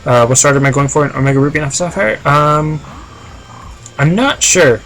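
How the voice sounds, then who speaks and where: A man's voice: fairly high pitch, brisk, a bit bright, faint music behind. A man chatting casually on a live game stream, reading chat aloud and rambling with lots of fillers.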